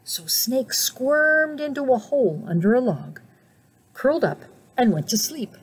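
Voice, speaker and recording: A middle-aged woman from the United States reading a children's storybook aloud at church, slow and expressive, asking questions of the children listening. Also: high voice, husky. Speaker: faith formation director reading to children. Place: church setting.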